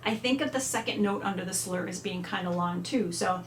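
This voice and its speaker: A woman's voice: fairly low pitch, brisk. A woman giving a chatty music lesson, now and then singing phrases out on syllables. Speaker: music teacher. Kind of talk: instrument lesson walkthrough. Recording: echoey room, faint ambience.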